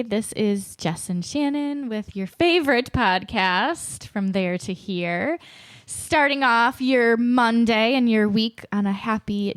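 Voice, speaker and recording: A woman's voice: fairly high pitch, dry recording, studio quality. A woman co-hosting a podcast in casual chat, who laughs often and acts out the voices of people she quotes. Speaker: podcast co-host.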